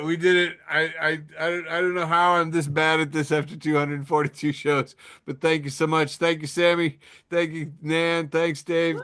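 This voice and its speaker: A man hosting a casual podcast over a call, reading memes aloud, laughing often and swearing, quick to poke fun at himself. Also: on the high side, bright, forceful tone, smooth. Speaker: podcast host. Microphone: remote call mic.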